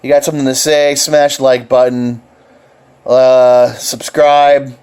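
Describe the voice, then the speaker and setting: Guy ranting on his vlog, gets worked up and swears, keeps rambling, average pitch. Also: takes it slowly, clear, resonant tone. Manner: excitable, swears freely, rambling with restarts. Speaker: vlogger. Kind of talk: casual rambling opinion vlog.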